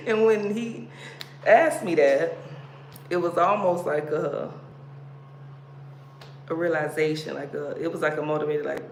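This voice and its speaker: A woman's voice: deep voice, animated, unhurried, vocal fry, long pauses. A woman from the States hosting a casual livestream, chatty and playful, laughing as she talks. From United States. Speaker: livestream host. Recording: roomy echo, background noise.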